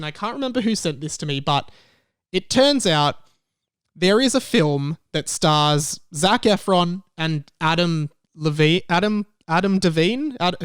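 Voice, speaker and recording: An Australian man talks through a casual solo podcast from his bedroom, rambling in a chatty, self-deprecating way. His voice sits a touch high and sounds smooth and clear. The sound is dry and close, with no room echo. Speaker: podcast host. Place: bedroom in a share house.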